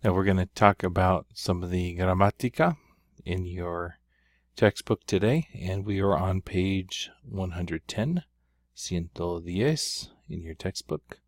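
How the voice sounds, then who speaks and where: A man teaching a recorded grammar lesson, explaining patiently and stressing key syllables loudly. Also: sits low, takes it slowly, no room sound, clean studio sound.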